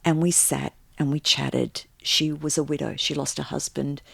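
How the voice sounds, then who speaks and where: Low gravelly Australian woman. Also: moderate pace, dry recording. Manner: animated storyteller, jumps into acted quotes. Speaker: guest, stylist and make-up artist. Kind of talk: casual interview chat.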